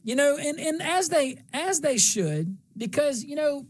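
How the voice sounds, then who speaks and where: Unhurried and expressive, a middle-aged man with an extremely high-pitched voice hosts a talk show. He hails from central Louisiana with a slight twang, and his rambling, folksy monologue repeats phrases for emphasis.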